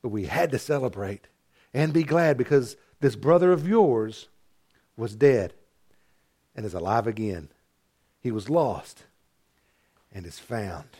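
A man preaching a sermon as pastor, retelling a parable with animated storytelling and acted-out voices. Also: mid-range voice, measured pace, long pauses, breathy edge. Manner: animated storytelling, acting out characters.

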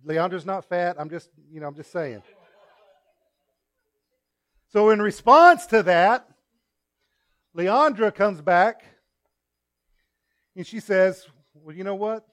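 A male pastor preaching a sermon in a conversational, storytelling way, with asides to the congregation and swings between loud emphasis and quiet remarks. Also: high-pitched, expressive, slow pace, long pauses.

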